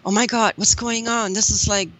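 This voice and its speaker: A woman's voice: mid-range voice, fairly even intonation, normal speed, a bit bright, natural voice, low-quality recording. A woman voicing a panicky friend at their first concert, asking frantic, alarmed questions in a voice close to her own. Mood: panicked.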